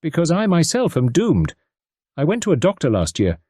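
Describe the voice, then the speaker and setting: A man voicing a stooped, fatalistic older gentleman who speaks gravely and with resignation. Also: fairly high pitch, wildly swooping pitch, moderate pace, no echo, clean studio sound, voice pushed up, exaggerated voice. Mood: resigned.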